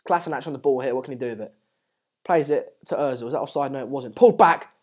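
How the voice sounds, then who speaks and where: A man's voice: medium pitch, very fast, a little mellow, husky. Chatty man on a live stream. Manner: chatty and rambling, with many fillers and restarts; repeatedly urges viewers to subscribe. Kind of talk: casual live match watchalong commentary.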